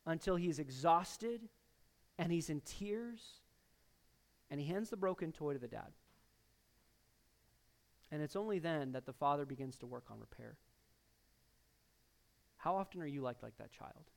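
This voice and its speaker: A man preaching with a high voice, calling out to his congregation. He pushes key words out loud and lets others sink to near a murmur, his preaching always pointed at the listeners in front of him. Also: lively intonation, measured pace, vocal fry, long pauses. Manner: emphatic preaching with sudden louder bursts and soft drops; addresses the congregation directly as church. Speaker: pastor. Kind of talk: sermon.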